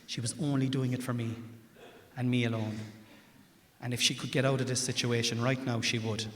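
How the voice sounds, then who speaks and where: A man with an Irish accent telling a stand-up story on a theatre stage, moving from a confiding tone to loud punchlines. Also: mid-range voice, little pitch movement, fairly quick. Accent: Irish, Cork. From Ireland. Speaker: stand-up comedian. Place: large theatre stage with audience. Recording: roomy theatre reverb with audience.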